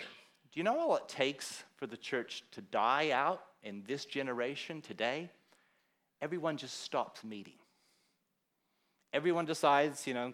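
A pastor from Australia preaching a conversational sermon in a church hall, telling stories and acting out what other people said. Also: male voice, mid-range voice, moderate pace. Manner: conversational storytelling, quoting others with animated voice.

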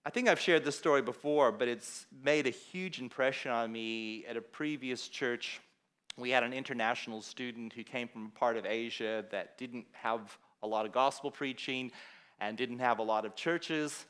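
A pastor from Australia preaching a conversational sermon in a church hall, telling stories and acting out what other people said. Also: male voice, mid-range voice, normal speed, clear, resonant tone. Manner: conversational storytelling, quoting others with animated voice.

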